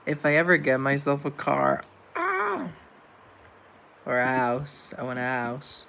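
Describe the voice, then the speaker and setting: A man's voice: medium pitch, level tone, moderate pace, vocal fry, sharp tone, slight background noise. A man hosting a live stream, chatting casually with viewers in a rambling, joking, self-deprecating way. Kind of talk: casual chat reading viewer comments.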